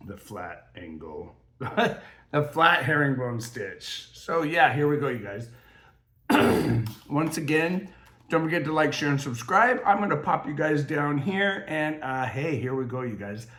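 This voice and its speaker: A man's voice: lowish voice, a bit bright. A man hosting a casual crafting tutorial vlog from his craft table, rambling and chatty with lots of fillers. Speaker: crafting channel host.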